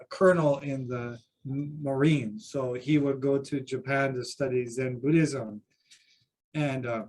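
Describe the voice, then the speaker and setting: A man's voice: mid-range voice, slight background noise. Man telling stories in a discussion. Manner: anecdotal, self-deprecating storytelling. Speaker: Buddhist teacher. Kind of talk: group discussion. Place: seminar room with a group.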